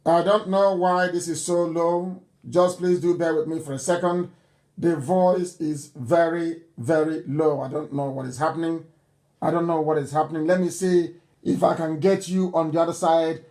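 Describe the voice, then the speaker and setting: A man's voice: fairly high pitch, flat delivery, normal speed, darkish tone. A Nigerian man hosting a live broadcast, speaking emphatically and repeating his points insistently. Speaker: broadcast host. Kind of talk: live radio broadcast address.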